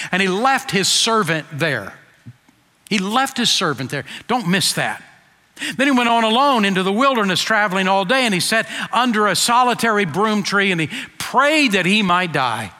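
A man preaching a sermon in an earnest voice that swings from emphatic peaks to quiet low asides. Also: lively intonation, fairly quick. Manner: earnest, rising to emphatic then dropping soft. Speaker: pastor. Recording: long hall reverb.

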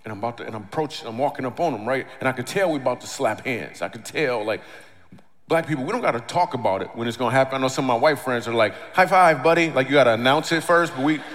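A middle-aged man on stage doing stand-up storytelling, animated, acting out the lines of the people in his story. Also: medium pitch, quick pace. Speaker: comedian and speaker. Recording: long reverb of a large hall.

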